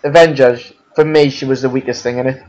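A man's voice: mid-range voice, steady tone, a little fast, a little mellow, lo-fi sound. A man co-hosting a casual film chat, emphatic and often searching for words. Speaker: podcast co-host.

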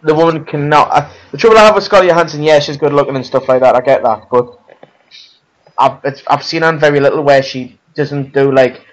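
Opinionated co-host, a touch higher-pitched, grasping for names mid-sentence. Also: male voice, a little fast, lo-fi sound. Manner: emphatic, searches for words. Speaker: podcast co-host. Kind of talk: casual film chat.

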